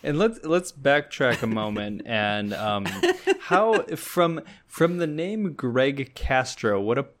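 A young man co-hosting a comedy podcast with a dry, deadpan delivery. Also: mid-range voice, takes it slowly, few pauses. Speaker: podcast co-host. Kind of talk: casual comedic chat.

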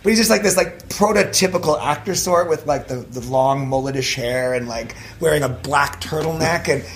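A young man telling a story in casual chat, animated and swearing, with lots of filler words. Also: fairly high pitch, moderate pace, gravelly. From Canada. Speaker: actor telling his story.

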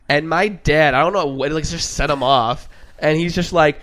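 A man's voice: a little high, brisk, fairly bright tone. A young man co-hosting a podcast, telling stories in a casual chat and laughing often. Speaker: podcast co-host.

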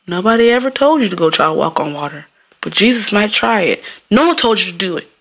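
A woman's voice: mid-range voice, expressive, quick pace, fairly bright tone. A woman from Jamaica hosting her own podcast, talking in a rambling, casual way and laughing often. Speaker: podcast host. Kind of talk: casual solo podcast monologue.

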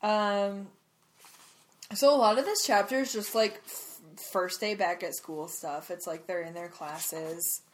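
A woman's voice: medium pitch, fairly even intonation, unhurried. A woman co-hosting a casual podcast chat, giggling often while recapping the chapter. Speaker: podcast co-host.

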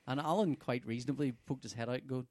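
A man, telling travel stories in casual podcast chat, animated and sweary. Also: mid-range voice, fast, no echo. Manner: sweary, animated storyteller, laughs often. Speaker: podcast co-host.

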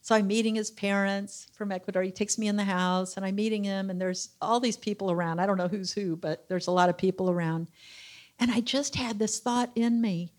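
Animated middle-aged woman telling a testimony. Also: medium pitch, fairly quick. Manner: animated storyteller acting out quoted voices. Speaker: church member sharing testimony. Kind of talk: sermon testimony storytelling.

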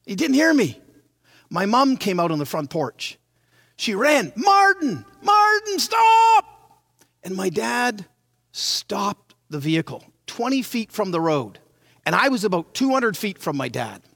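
A man in his sixties preaching a sermon, telling his childhood story in a dramatic, animated way. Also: sits high, measured pace, gravelly, husky, dry recording, clean studio sound. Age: 60s.

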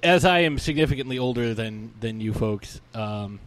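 A man's voice: medium pitch, animated, moderate pace. A man in his thirties co-hosting a podcast, telling rambling, jokey stories in casual chat and swearing now and then. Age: 30s. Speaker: podcast co-host.

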